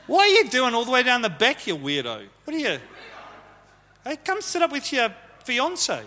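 A man's voice: very high voice, huge pitch swings, moderate pace, bright, forceful tone. A man, possibly, preaching a conversational sermon to his church and teasing the congregation. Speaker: pastor. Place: church hall. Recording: live sermon with long hall reverb.

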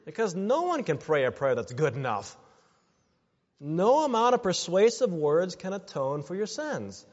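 A man's voice: sits high, very animated, unhurried. Preaching man in a reverberant hall. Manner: earnest preaching, rising emphatic on exhortations. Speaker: pastor. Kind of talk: sermon. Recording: dull sound with long hall reverb.

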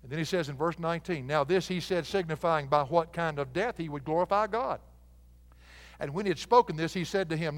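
Older male preacher, high voice, folksy and animated, long hall reverb. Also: normal speed. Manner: folksy, animated, laughing at his own jokes. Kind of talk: sermon.

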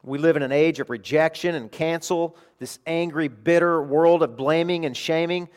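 A middle-aged man preaching a sermon as pastor, emphatic and animated, dropping to quiet asides between bursts. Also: on the high side, moderate pace, clean tone.

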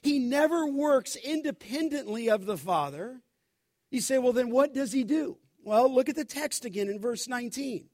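A man with a high-pitched voice preaches an expository sermon, emphatic and deliberate. He slows right down to stress each scripture quote and calls the listeners "beloved". The sound is dry and close, with no room echo. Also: expressive, a little mellow. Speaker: pastor.

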